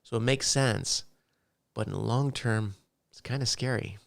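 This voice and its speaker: A man's voice: mid-range voice, a little slow, creaky. A middle-aged man co-hosting a gaming podcast in casual, rambling chat. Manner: rambling, relaxed, self-correcting. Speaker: podcast co-host.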